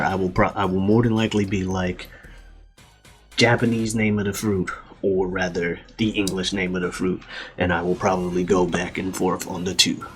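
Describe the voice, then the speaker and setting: A man retelling a story in a casual, slangy, profane way as host of a recap show. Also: low-pitched.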